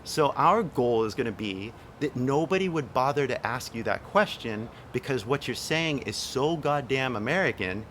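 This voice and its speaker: A man's voice: mid-range voice, expressive, normal speed, few pauses, fairly bright tone, a little hiss or hum. Chatty young man coaching an accent. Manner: loose, chatty, swears casually, lots of "like" and "right?". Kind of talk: casual one-on-one coaching.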